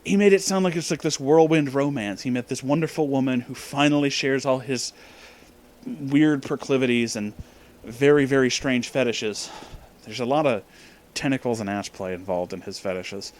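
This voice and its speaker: A man telling a story in a casual, profane rant, breaking into loud disbelieving outbursts. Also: medium pitch, moderate pace. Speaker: storytelling vlogger.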